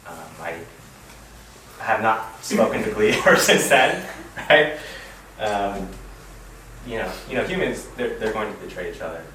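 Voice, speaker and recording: Low-voiced man rambling in an echoey room. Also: lively intonation, measured pace, fairly bright tone. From Reno, Nevada, US. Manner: rambling, full of "you know" and "like". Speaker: fellowship speaker. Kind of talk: casual sermon talk. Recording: echoey room, distant mic, background noise.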